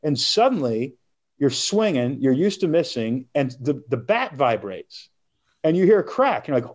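Animated man telling a story. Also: mid-range voice, measured pace. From United States. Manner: animated storyteller, laughs and acts out quotes. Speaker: guest author. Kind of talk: storytelling interview.

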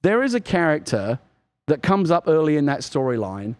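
A man co-hosting a video game podcast, telling animated stories in casual chat and acting out lines. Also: a little high, moderate pace. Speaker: podcast co-host.

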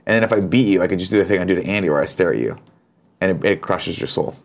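A man's voice: deep voice, rapid-fire, gravelly. Playful man riffing on a comedy show. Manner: playful, riffing, mock-outraged bits. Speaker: podcast co-host. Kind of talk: casual comedic chat.

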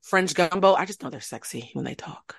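Podcast co-host, quick talker, animated, joking, dry close mic. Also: medium pitch, creaky, slightly rough, no room sound. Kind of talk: casual chat.

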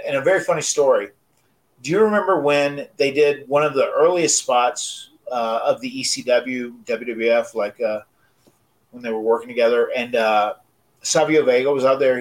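A man in his forties telling a casual story on a podcast, animated and often repeating words as he restarts sentences. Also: mid-range voice, moderate pace, poor audio. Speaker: wrestler and podcast co-host.

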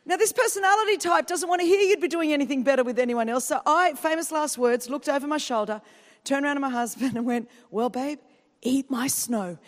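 A woman's voice: sits high, fast talker. Joking Australian woman preaching in church. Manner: chatty and joking with the congregation. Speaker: guest preacher. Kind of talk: humorous sermon. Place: large church auditorium. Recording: long reverb of a church hall.

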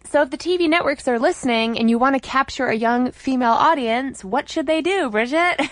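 A woman co-hosting a podcast, chatting in an opinionated way with quick asides. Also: high voice, no room sound. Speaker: podcast co-host. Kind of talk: casual chat.

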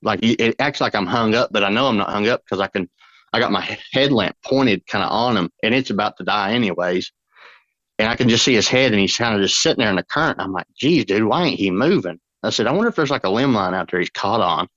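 A man, a fishing guide on a podcast, telling a long story in a rambling, excited way with lots of fillers. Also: on the low side, fast talker, no room sound, highs cut off. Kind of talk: casual storytelling.

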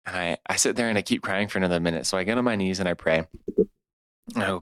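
Earnest young man with a deep voice. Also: quick pace, fairly bright tone, no room sound. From California, USA. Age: 20s. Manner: earnest and heartfelt, laughs at himself. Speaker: podcast guest. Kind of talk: personal storytelling.

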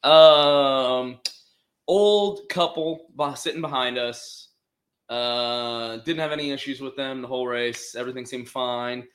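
A man with a bright, forceful voice recounts a run-in in loose, casual chat. He talks in an animated way, cursing and acting out the lines of the people involved. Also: medium pitch, takes it slowly. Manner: animated, swears freely, acts out quotes. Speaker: storyteller among friends.

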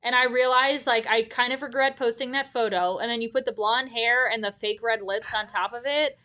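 A woman's voice: fairly high pitch, steady tone, brisk, bright, forceful tone, dry recording. A young woman co-hosting a sports talk show, talking in a hesitant, self-conscious way with many restarts. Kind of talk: casual chat.

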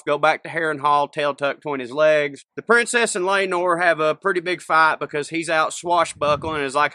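A man recapping a TV episode in a folksy, jokey way and slipping into quick character voices. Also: a little high, sharp tone, no room sound. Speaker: podcast co-host. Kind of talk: casual comedic recap.

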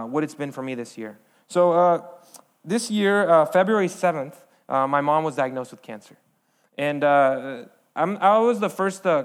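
A young man, a guest speaker, giving an earnest sermon with a personal testimony, halting often with fillers and restarts. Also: a little high.

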